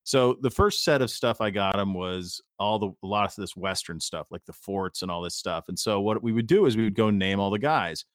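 A man's voice: on the low side, normal speed, hardly any pauses, no echo, studio quality. A man co-hosting a podcast, rambling through stories in casual chat and swearing lightly. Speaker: podcast co-host.

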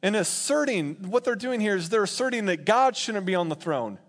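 A man preaching a sermon in an animated, laughing way, acting out quotes in playful voices. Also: high voice, a little fast. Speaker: pastor.

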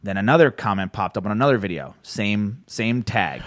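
A man's voice: fairly low pitch, a little fast, no room sound, clean studio sound. A man hosting a podcast in casual chat, telling stories with lots of laughs and swearing. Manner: animated storyteller, swears freely, laughs often. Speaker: podcast host.

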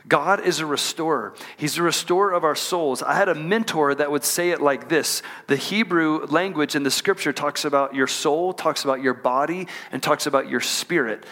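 A man preaching a sermon as pastor, reading scripture slowly and calling on the congregation to repeat after him. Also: fairly high pitch, a bit bright. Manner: call-and-response preaching, asks the congregation to repeat lines; drawn-out emphatic scripture reading. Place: church auditorium.

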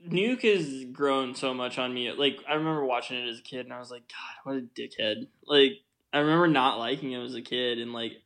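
A young man co-hosts a podcast, chatting casually about a film in a medium-pitched, slightly bright voice. He talks fairly quickly with hardly any pauses, rambling with lots of fillers and laughing often.

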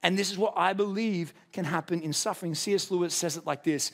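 High-voiced impassioned male preacher. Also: a little fast, vocal fry, few pauses. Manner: impassioned, rising to a near shout at climaxes. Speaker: pastor. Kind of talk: sermon.

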